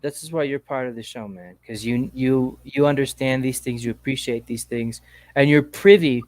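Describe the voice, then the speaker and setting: A man hosting a casual call-in chat show, talking in a relaxed, slangy, rambling way. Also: mid-range voice, moderate pace, no room sound. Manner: laid-back, slangy, rambling. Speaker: podcast host.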